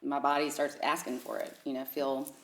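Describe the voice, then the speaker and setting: A woman's voice: extremely low pitch, little pitch movement, normal speed, echoey room, slight background noise. A woman guest describing her own experience as a client, enthusiastic and jokey. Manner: enthusiastic and jokey, laughs often. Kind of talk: casual interview talk.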